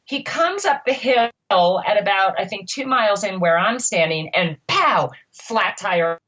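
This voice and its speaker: A middle-aged woman, a triathlon coach co-hosting a podcast, telling a story in an animated, emphatic way. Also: medium pitch, normal speed, highs cut off.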